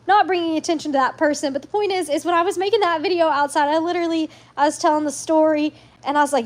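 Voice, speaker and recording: A woman's voice: high voice, steady tone, fast talker, few pauses. A woman hosting a casual live stream, chatting in a rambling way with sassy asides.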